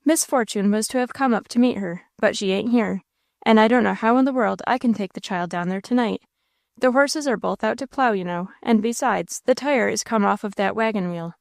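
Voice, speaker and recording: A woman's voice: mid-range voice, brisk, gravelly, no room sound, clean studio sound, natural voice. A woman reading the part of a big red-faced country innkeeper who speaks in a folksy rural dialect. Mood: blunt.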